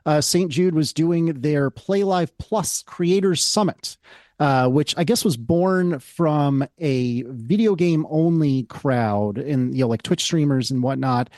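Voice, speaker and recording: A man's voice: on the high side, slow, a little mellow, no echo, clean studio sound. A man co-hosting a podcast in casual chat, wry and rambling with plenty of asides. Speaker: podcast co-host.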